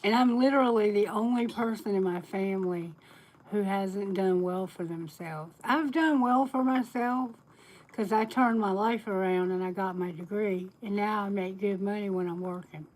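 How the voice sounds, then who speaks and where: A woman's voice: mid-range voice, measured pace, a little mellow, poor audio. Chatty woman tarot reader on a live stream. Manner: chatty and candid, laughs often. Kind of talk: casual live-stream chat.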